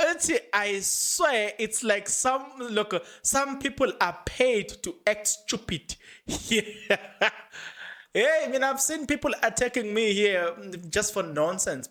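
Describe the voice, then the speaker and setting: Mixing English with Zulu phrases and laughing frequently, a South African man comments with excitement on a court case for his podcast. His pitch is extremely high.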